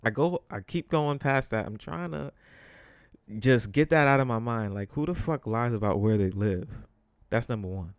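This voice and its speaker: A man's voice: mid-range voice, normal speed, clean tone, dry recording, studio quality. A young man hosting a podcast, telling a story in a casual, emphatic, slangy way and swearing freely. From the Bronx, New York. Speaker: podcast host.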